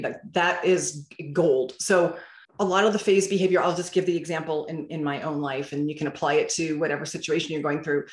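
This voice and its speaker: A woman guest telling parenting stories in casual interview talk, acting out bits of dialogue as she goes. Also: deep voice. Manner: animated storyteller who acts out dialogue. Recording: roomy echo.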